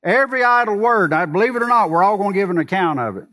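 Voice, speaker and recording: A man preaching a sermon, swinging from loud emphatic lines to soft low asides and putting questions to the congregation. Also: animated, fast. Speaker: pastor.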